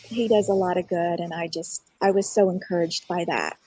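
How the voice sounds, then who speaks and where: A woman's voice: on the low side, fairly even intonation, moderate pace, warm tone, breathy edge, dry recording. A woman guest on a live online show, telling a personal story in an earnest, reflective way.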